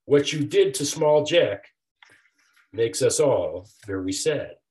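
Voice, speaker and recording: Firm, kindly principal in a children's storybook, slightly raised pitch, an older man doing the voice. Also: animated, slow pace, darkish tone, low-quality recording. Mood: stern. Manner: firm and reassuring.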